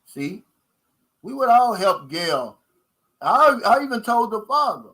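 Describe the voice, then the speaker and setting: A man's voice: high-pitched, big pitch swings, unhurried, pauses often, bright, forceful tone, poor audio. A man with a Kentucky accent hosting a casual livestream chat, emphatic and folksy, repeating his key points and calling viewers guys. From United States. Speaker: channel host.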